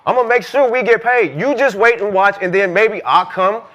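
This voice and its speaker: A man co-hosting a podcast couch chat, firing off rapid, repetitive trash talk packed with fillers. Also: high-pitched, sharp tone, lo-fi sound, slight background noise. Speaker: podcast co-host, former basketball player. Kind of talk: heated casual podcast banter.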